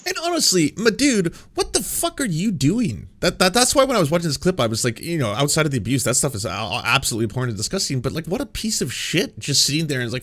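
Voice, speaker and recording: A man's voice: a little high, sing-song, fast, few pauses, a bit bright. A man hosting political reaction commentary, sarcastic, profane and exasperated as he responds to clips.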